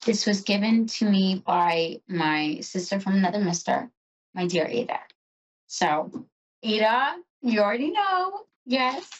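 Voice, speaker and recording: An effusive, emotional woman chats her way through a tarot reading, her voice sitting at an ordinary middle pitch. The sound is slightly muffled and lo-fi. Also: lively intonation, measured pace. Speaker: psychic show host.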